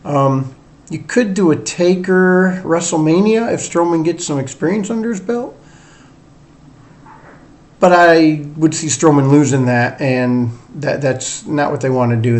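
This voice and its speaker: A man's voice: medium pitch, moderate pace, a little mellow. A middle-aged man with a mixed Northern and Southern US drawl, hosting a casual solo sports show in a rambling, chatty, self-deprecating way. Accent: mix of Northern US and Southern US drawl. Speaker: sports podcast host.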